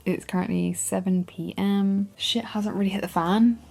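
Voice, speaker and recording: A woman's voice: mid-range voice, steady tone, normal speed, creaky, hardly any pauses, a little mellow. A woman chatting casually and candidly in a reading vlog, talking straight to her camera. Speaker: book vlogger.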